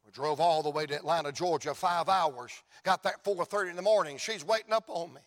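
A man with a Southern US accent preaching an evangelistic sermon, telling folksy stories and building to shouted climaxes. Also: a little high, brisk, few pauses. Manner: folksy storytelling, rising to shouts.

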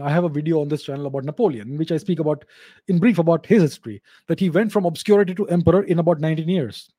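A man's voice: fairly high pitch, warm tone, no room sound, studio quality. A man, hosting his channel and answering viewer questions in an emphatic monologue that often repeats and restarts phrases. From India.

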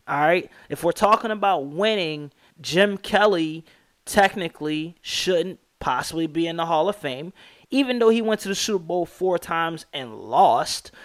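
A man's voice: fairly high pitch, fairly bright tone, no echo, studio quality. A young American man hosting a sports podcast, talking casually and with strong opinions, rattling off stats and slang. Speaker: podcast host.

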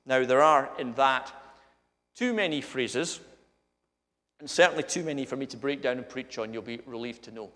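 Jokey Scottish preacher in an echoey hall. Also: male voice, medium pitch, moderate pace. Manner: lively and jokey, building to emphatic peaks. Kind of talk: sermon. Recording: echoey hall with long reverb.

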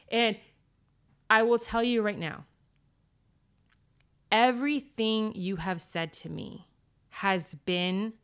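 A woman in casual podcast chat, telling a story with emphasis, some swearing and lively retold quotes. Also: fairly high pitch, unhurried, clear, resonant tone. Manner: emphatic and profane, animated storytelling.

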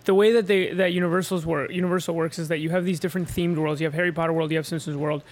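A man's voice: on the high side, fairly even intonation, very fast. A man co-hosting a casual chat, telling travel stories in a rambling way with many restarts. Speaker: podcast co-host.

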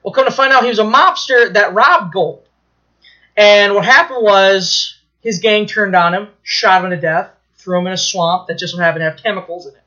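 Excitable, high-voiced man telling a story. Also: moderate pace, highs cut off. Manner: excitable, swears freely, lots of fillers and restarts. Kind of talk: casual chat retelling a story.

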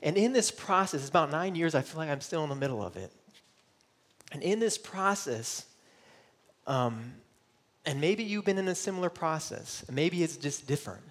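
A man's voice: a little high, animated, moderate pace, a bit bright. A middle-aged man from Michigan preaching a sermon, earnest and personal, voicing searching questions and at times close to tears. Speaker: pastor.

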